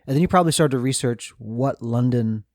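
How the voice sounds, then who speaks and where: A man's voice: medium pitch, brisk, a little mellow, no echo, clean studio sound. A middle-aged man hosting a podcast, reflective and easygoing, asking questions and sharing his own travel stories. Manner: reflective, asks guiding questions, laughs lightly. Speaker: podcast host. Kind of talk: casual podcast chat.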